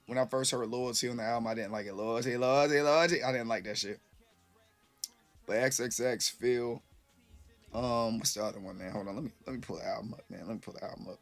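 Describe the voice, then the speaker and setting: A man's voice: medium pitch, fairly even intonation, brisk, soft background music. A man casually chatting with his live-stream viewers, rambling loosely and swearing freely, a little tipsy.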